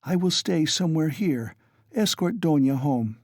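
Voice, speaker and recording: A man's voice: on the high side, animated, measured pace, dry recording, studio quality, voice pushed up. A man doing a fretful, timid mother. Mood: anxious. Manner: pleading, fretful. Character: anxious, timid middle-aged mother.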